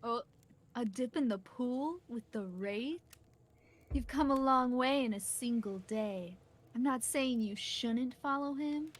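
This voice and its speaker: A woman's voice: fairly high pitch, slow pace. A woman chatting casually with a friend while they play a story game, reacting with gasps and groans. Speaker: co-player friend. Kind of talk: casual chat.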